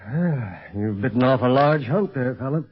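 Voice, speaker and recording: An actor playing a calm, seasoned secret police agent in a 1930s radio serial, steady and giving orders. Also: male voice, mid-range voice, moderate pace, slightly rough, highs cut off. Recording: scratchy noisy 1930s radio recording.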